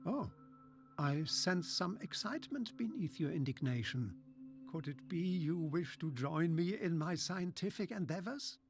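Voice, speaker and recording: A man's voice: a little high, lively intonation, measured pace, soft background music. An actor voicing a scheming, condescending male mad-scientist doctor with a slight German accent in a video game. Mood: smug. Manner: silky, condescending, patronizing.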